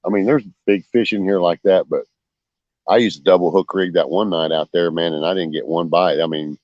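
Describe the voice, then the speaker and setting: A man chats while fishing outdoors at night, full of fillers. His voice sits low. The dry sound is dull and lo-fi. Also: steady tone, fairly quick, no echo. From Oklahoma. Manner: rambling, many fillers, storytelling. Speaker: vlogger, angler. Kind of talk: casual chat while fishing.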